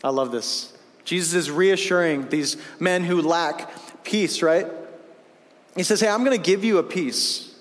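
Male pastor, high-pitched, casual restart-heavy preaching style, recorded in a reverberant church hall. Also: measured pace. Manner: conversational preaching, many restarts and asides. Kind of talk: sermon. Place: church sanctuary.

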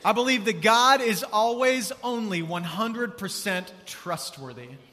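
High, bright-voiced pastor in a hall. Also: male voice, unhurried. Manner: energetic, conversational, calls for crowd response. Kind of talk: sermon. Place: large church auditorium. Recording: long church hall reverb.

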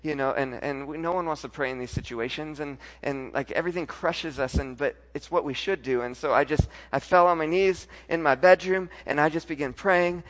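A pastor in his thirties preaching a sermon, his slightly higher-pitched voice carrying an emotional personal story. He swings from loud, excited outbursts down to hushed, tearful passages. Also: fairly quick, hardly any pauses, long reverb tail.

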